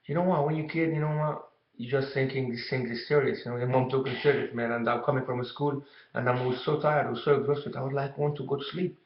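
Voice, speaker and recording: A man's voice: medium pitch, steady tone. Rambling man telling a story. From Egypt. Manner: rambling, halting, fillers like you know. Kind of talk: casual storytelling to camera. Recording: dull, echoey room recording.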